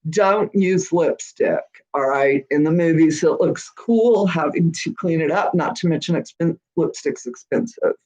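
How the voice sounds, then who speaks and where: This witchcraft channel host speaks in a deep, darkish voice, a little slowly, over a rough recording. During her live-stream Q&A she reads viewer comments aloud, keeping things chatty and encouraging with frequent "all right?" check-ins.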